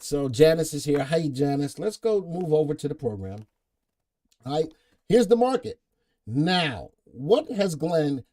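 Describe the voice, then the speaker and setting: Middle-aged male host, playful and punning, mellow tone, slightly high voice. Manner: playful, punning, reads viewer comments aloud. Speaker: stock market show host. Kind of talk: live market update chat with viewers.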